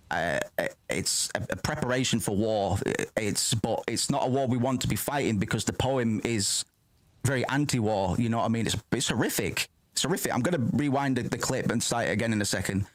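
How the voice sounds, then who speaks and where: A man's voice: medium pitch, dry recording. A man streaming a film reaction in casual, rambling commentary, swearing freely and breaking off his own sentences. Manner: rambling, excitable, swears often, self-interrupting.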